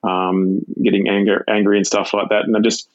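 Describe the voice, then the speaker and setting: A middle-aged Australian man, a retired police sergeant, tells his story in a halting way with many fillers and restarts. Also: fairly low pitch, flat delivery, dry recording, highs cut off. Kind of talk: casual personal storytelling.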